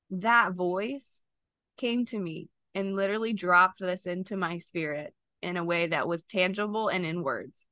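A woman's voice: mid-range voice, a bit bright, dry recording. A woman podcast guest sharing an emotional personal testimony in an earnest, faith-filled way, close to tears.

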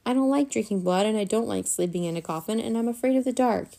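A woman's voice: a little high, fast talker, vocal fry, warm tone, pitched above the performer's own voice. A woman voicing a timid, gloomy nine-year-old boy vampire who whines and hesitates. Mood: glum.

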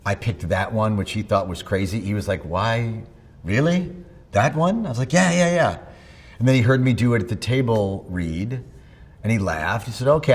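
A middle-aged man, a voice actor being interviewed, telling animated anecdotes and slipping into impressions. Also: low-pitched, slightly rough. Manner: animated storyteller, slips into impressions. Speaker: voice actor guest.

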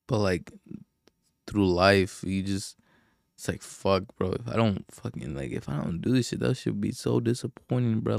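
Low-voiced young man ranting casually. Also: vocal fry, darkish tone, no echo, studio quality. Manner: rambling, profane, frequent sighs and fillers. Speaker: podcast host. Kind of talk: casual solo podcast rant.

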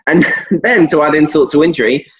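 A man's voice: fairly high pitch, a little fast. A man co-hosting a wrestling podcast, chatting casually and animatedly retelling the show with frequent laughs. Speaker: podcast co-host. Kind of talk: casual wrestling recap chat. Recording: dull lo-fi audio.

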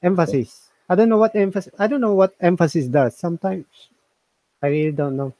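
A man hosting a casual review chat, talking in halting bursts and repeating his words. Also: high-pitched, dark tone, no echo, low-quality recording. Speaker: host reviewing software.

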